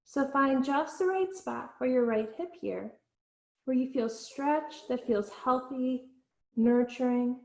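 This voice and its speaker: A woman teaching a yoga class, giving slow and soothing cues with soft pauses. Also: high voice, vocal fry, echoey room. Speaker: yoga instructor. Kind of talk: guided yoga class instruction.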